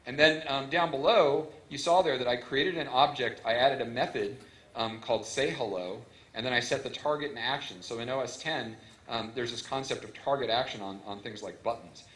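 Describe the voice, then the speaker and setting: A man giving a relaxed, enthusiastic technical talk at a conference, explaining things step by step. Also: mid-range voice, moderate pace. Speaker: conference speaker. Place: conference hall. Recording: echoey conference hall.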